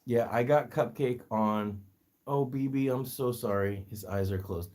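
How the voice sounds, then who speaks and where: Male livestream host, unhurried, chatty and affectionate with his pets, mid-pitched voice. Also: a little mellow. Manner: chatty, fond baby-talk to his pets, laughs often. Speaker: guinea pig rescue livestream host. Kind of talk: casual livestream chat.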